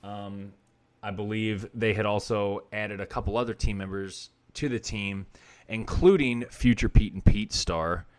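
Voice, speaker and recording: A podcast co-host with an unhurried, clear, resonant voice on the low side recaps a film's plot. It's a casual movie review chat, and he drops dry asides along the way.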